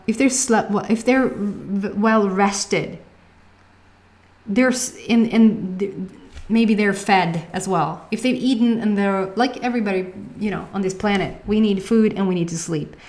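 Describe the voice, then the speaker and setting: A woman's voice: mid-range voice, a little mellow. Chatty woman with a Swedish accent. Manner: chatty, laughs often, searches for words. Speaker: tarot reader. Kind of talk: casual tarot reading.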